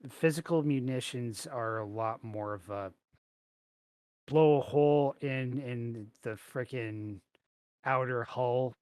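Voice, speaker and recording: A man co-hosting a casual podcast chat over a video call, talking in an animated, jokey way. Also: medium pitch, slow pace, clear, resonant tone, dry recording. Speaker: podcast co-host.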